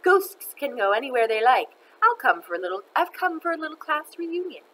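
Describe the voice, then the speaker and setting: A woman's voice: high-pitched, very animated, brisk, sharp tone, a little hiss or hum, voice pushed up, exaggerated voice, rough recording. A woman voicing the spiteful ghost of a mean schoolteacher in a children's story, taunting and gleeful.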